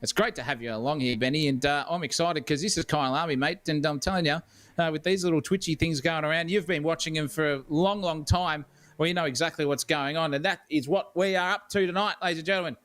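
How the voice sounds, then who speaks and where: A man's voice: a little high, fast, a bit bright. A man with an Australian accent doing live sim racing co-commentary, chatty and jokey with a rambling flow.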